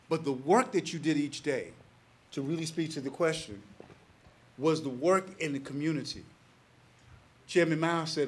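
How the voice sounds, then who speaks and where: A man in his sixties, a panelist telling a personal story to a packed live audience, animated and acting out the voices of the people in it. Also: a little high, normal speed, long pauses. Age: 60s. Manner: animated, acts out quoted voices, laughs between lines. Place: packed public panel gathering.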